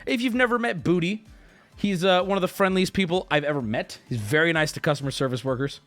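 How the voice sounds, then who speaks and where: A man's voice: fairly high pitch, fast, faint music behind. A man in his thirties, a streamer casually telling a story to his live chat, swearing and joking as he goes. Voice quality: animated, swearing, jokey.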